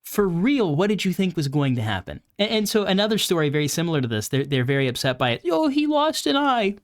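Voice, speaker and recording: A man's voice: a little high, quick pace. A young man hosting a podcast, giving opinionated political commentary in a sarcastic, mocking way. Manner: sarcastic, mocking, animated with put-on quote voices. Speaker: podcast host.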